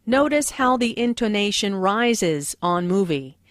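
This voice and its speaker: Slow, carefully enunciating woman teacher. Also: medium pitch, expressive, dry recording, clean studio sound. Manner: slow, deliberate, clearly enunciated. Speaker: lesson narrator and dialogue reader. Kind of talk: scripted language-lesson narration.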